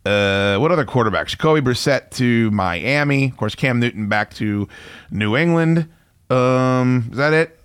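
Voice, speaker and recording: A man's voice: medium pitch, lively intonation, unhurried, clear, resonant tone, no echo, studio quality. A man hosting a sports talk podcast, casually rambling and joking, with lots of fillers and restarts. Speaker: podcast host.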